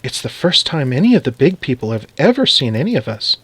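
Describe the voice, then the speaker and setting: A man voicing a gentle, anxious tiny mother who frets softly. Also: medium pitch, big pitch swings, a little fast, husky, no room sound, heavily acted. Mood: fretful.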